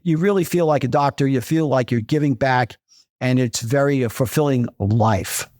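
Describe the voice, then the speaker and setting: An older man, a retired dentist, speaks with an ordinary mid pitch and lots of energy. He hammers his points home by repeating them and slips into little bits of acted dialogue. The sound is dry and close, with no room echo. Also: normal speed, darkish tone. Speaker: retired dentist, podcast guest. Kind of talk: conversational interview storytelling.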